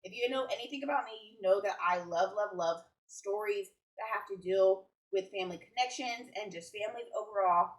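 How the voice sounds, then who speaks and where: A chatty, enthusiastic woman talking casually to camera in a room at home, looping back and correcting herself as she goes. Her voice sits at an ordinary middle pitch. The mic is set back, so the room rings around her. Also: fairly quick, few pauses. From United States. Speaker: book vlogger. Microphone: camera a little way off. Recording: roomy sound from a distant mic.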